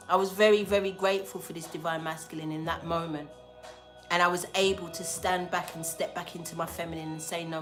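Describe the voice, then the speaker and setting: A woman tells a story in casual slang to her livestream audience and acts out each exchange. Her voice sits fairly low, and faint music plays underneath. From England. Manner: animated, slangy, acts out dialogue. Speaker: spiritual livestream host.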